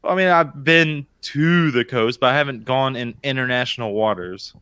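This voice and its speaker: A man's voice: medium pitch, moderate pace, pushed and bright, clean tone, no room sound, clean studio sound. Profane, joking man in his thirties. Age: 30s. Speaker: podcast co-host. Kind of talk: casual banter.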